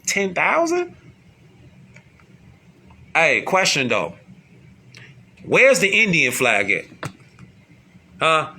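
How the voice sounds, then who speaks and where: A man's voice: on the high side, huge pitch swings, extremely slow, creaky, long pauses, sharp tone, breathy edge. A man giving a casual, slangy streetwise monologue, repeating himself and firing off rhetorical questions. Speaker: online commentator.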